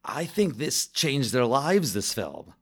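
Man, young adult, podcast co-host, casual chat, animated, stumbles over words. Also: mid-range voice, slow pace, slightly rough. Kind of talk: casual film review chat.

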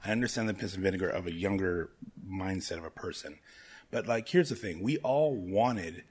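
A man in his thirties with a husky, somewhat low voice, talking as a podcast guest. He tells stories in a loose, animated way and swears freely as he rants. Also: moderate pace. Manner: profane, animated storyteller who mimics people. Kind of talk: casual podcast chat.

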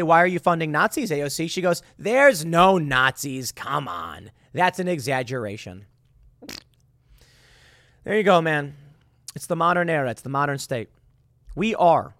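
A man delivering sarcastic political commentary with a lively, swooping pitch that sits a little high for a man. He sounds dry and close to the mic, with no room sound. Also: dry recording. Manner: sarcastic, mocking, animated delivery.

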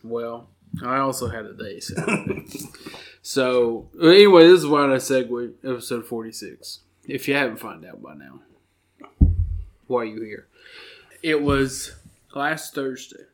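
A man, co-hosting a podcast and telling a story in an animated, laughing way. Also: mid-range voice, measured pace, pauses often. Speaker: podcast co-host. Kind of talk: casual storytelling chat.

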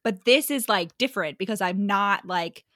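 A woman's voice: medium pitch, moderate pace, a bit bright, dry recording, clean studio sound. A young woman in her twenties co-hosting a podcast, chatting casually with lots of "like" and frequent laughs. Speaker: podcast co-host. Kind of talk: casual chat.

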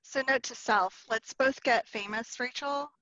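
A woman's voice: a little high, measured pace, bright, forceful tone. A woman from South Georgia, a guest author on a podcast, chatting casually and laughing easily. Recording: dull lo-fi sound.

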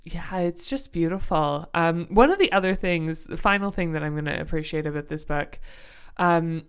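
A young woman with a smooth, clear voice that sits a little low, chatting on a book podcast. She talks thoughtfully and hedges often, circling back with frequent fillers as she looks for the right word. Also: normal speed. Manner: thoughtful, hedging with many fillers. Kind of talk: casual book discussion.

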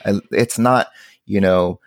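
A man's voice: on the low side, slow, dry recording, clean studio sound. A man guesting on a podcast as a teacher, chatting casually and upbeat, laughing often.

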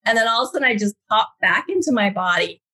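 Husky-voiced woman chatting on a podcast, gets really animated, does the voices in her story. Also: fast talker. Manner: animated, acts out quotes with big pitch jumps. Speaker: guest, intuitive reader.

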